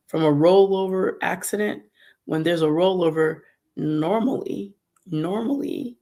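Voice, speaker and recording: A woman hosting a faith podcast livestream, talking in an animated, emphatic way and speaking to viewers in the chat. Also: lowish voice, creaky. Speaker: podcast host. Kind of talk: casual devotional livestream talk.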